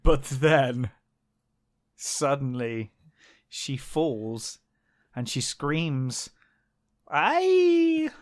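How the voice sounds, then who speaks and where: A man's voice: medium pitch, drawn-out words, long pauses. A man co-hosting a book podcast, chatting casually and making wry jokes about the characters. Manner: wry and joking, often laughing, quips about the characters. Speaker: podcast co-host.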